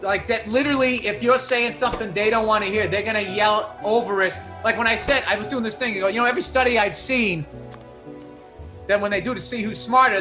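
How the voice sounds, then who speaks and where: High-voiced man ranting in profane chat. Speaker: podcast guest comedian. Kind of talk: casual storytelling chat.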